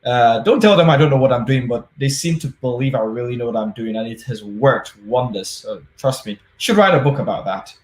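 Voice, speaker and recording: A man's voice: mid-range voice, fairly quick, few pauses, reverberant. A man giving a conference talk over a video call, chatty and self-deprecating with many fillers. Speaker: tech conference speaker.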